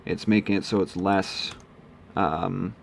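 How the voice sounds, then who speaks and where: A man's voice: deep voice, steady tone, takes it slowly, gravelly, slight background noise. A man casually walking through his email steps on screen, rambling with many ums and self-corrections. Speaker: online marketing vlogger. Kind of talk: casual screen-share walkthrough.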